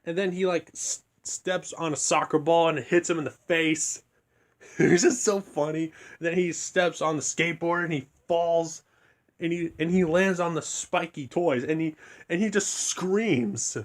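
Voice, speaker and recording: A young man quietly retelling a story in a rambling, casual review, keeping his voice down so he won't wake anyone. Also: on the high side, steady tone, normal speed. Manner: rambling, hushed to keep from waking others.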